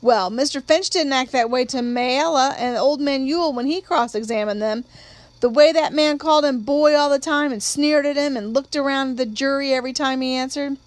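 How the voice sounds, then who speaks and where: A woman's voice: high voice, normal speed, no room sound, natural voice. A woman voicing a small boy who talks earnestly and insistently about what upset him, in an audiobook.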